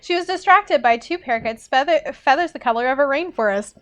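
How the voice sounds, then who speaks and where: A woman's voice: high voice, expressive, fairly quick. A young woman, a teacher, chatting casually with laughs and fillers, then reading a book aloud.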